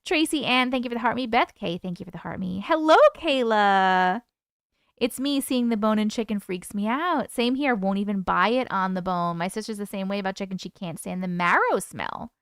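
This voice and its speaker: A woman's voice: medium pitch, normal speed, fairly bright tone, smooth, no room sound, clean studio sound. A woman from the UK hosting a live stream at home, chatting casually and answering viewer comments as they come in. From United Kingdom.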